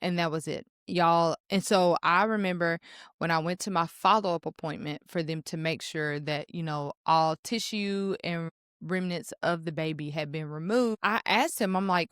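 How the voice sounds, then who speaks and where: A woman's voice: fairly low pitch, moderate pace, no echo, studio quality. A young woman, hosting a podcast and candidly telling her own story with emotion. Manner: candid, emotional, addresses listeners as y'all. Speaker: podcast host. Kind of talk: personal storytelling.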